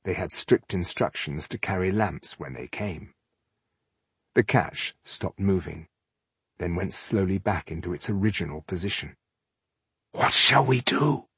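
A man narrating a fantasy audiobook in a measured, even storytelling manner. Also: low voice, husky, dry recording.

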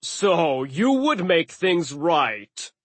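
A vengeful giant in an audiobook, speaking slowly and heavily with a raised, forceful voice, as a man acts him out. His words are deliberate and weighted. He sounds set on payback. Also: fairly high pitch, sing-song, no room sound, voice pushed up, exaggerated voice. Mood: grim.

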